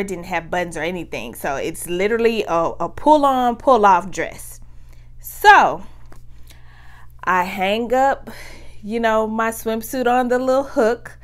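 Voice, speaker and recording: Animated woman telling a funny story. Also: medium pitch. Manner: animated, acts out sounds and shouts. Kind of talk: casual storytime.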